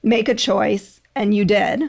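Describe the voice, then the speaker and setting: A woman hosting a podcast interview, asking questions and thinking aloud in an animated way. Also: medium pitch, measured pace, vocal fry. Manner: animated, thinking aloud with restarts and frequent affirmations. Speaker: podcast host.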